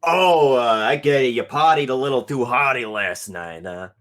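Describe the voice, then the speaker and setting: A man voicing a loud, brash male mechanic with a wrench for a hand, talking over everyone in a tabletop game. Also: moderate pace, natural voice. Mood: hearty. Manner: booming, pushy, talks loud on purpose.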